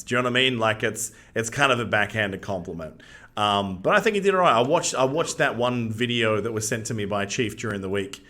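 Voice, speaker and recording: A man with an Australian accent co-hosting a casual gaming podcast, chatty and quick to laugh, with lots of slang. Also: mid-range voice, bright, forceful tone. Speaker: podcast co-host.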